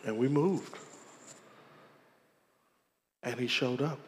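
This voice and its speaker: A man's voice: medium pitch, slow, in a large hall, slight background noise. A man, preaching a sermon as a pastor and calling out to the congregation as he tells his story.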